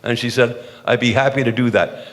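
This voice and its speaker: A man's voice: mid-range voice, fairly even intonation, fairly quick. An older man from the eastern United States, a former mayor telling self-deprecating, jokey stories on a panel, with frequent restarts. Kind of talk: humorous anecdotal storytelling on a panel. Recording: long hall reverb.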